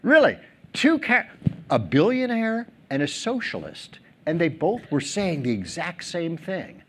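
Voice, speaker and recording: A man's voice: fairly high pitch, a little slow, slight background noise. A middle-aged man giving a keynote speech on a theater stage, telling stories, acting out quotes and joking with the audience. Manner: animated storyteller, acts out quotes, jokes with audience. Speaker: keynote speaker.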